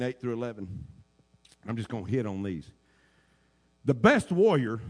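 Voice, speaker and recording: A male pastor preaching a sermon in a booming voice, shouting his points and then dropping to quiet asides. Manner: shouting preacher, swings from loud to low asides.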